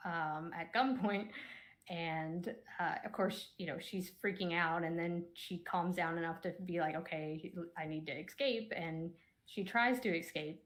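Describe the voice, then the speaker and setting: A woman with a slightly low voice speaks as a guest author on a video call. She talks haltingly, circling back over her words, and laughs lightly now and then. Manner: hesitant, many fillers and restarts, laughs lightly. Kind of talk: casual panel discussion.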